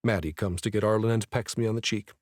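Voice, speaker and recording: A male narrator reading a first-person romance audiobook in a measured, even way. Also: on the low side, no room sound, studio quality.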